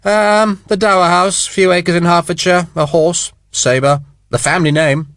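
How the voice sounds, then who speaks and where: A man's voice: high voice, steady tone, a little slow, fairly bright tone, dry recording, studio quality, voice pushed up. A man reading an audiobook, voicing a mocking, rakish aristocratic British officer in a raised, theatrical voice. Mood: rueful joking. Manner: teasing, theatrical, bellowing. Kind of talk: audiobook character voice.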